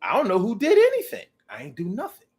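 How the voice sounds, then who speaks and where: A man's voice: high-pitched, huge pitch swings, fast talker, a little mellow, exaggerated voice. A man voicing a confused, sheepish male house dog who mutters and swears, unsure what he did wrong.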